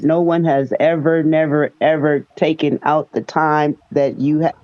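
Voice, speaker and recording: A woman's voice: deep voice, steady tone, measured pace, hardly any pauses, darkish tone. Effusive woman on a lo-fi call. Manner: effusive, gushing with thanks. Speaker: community member and new investor. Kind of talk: live video call conversation.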